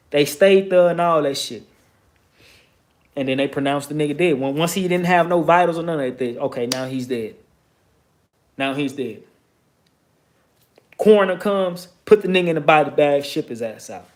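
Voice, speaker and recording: Guy late 20s, kinda high voice, cussing and hammering his points home while he tells it. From Texas, USA. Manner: emphatic, profane, streetwise retelling with rising bursts of emphasis. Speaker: vlogger. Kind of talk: casual storytelling monologue.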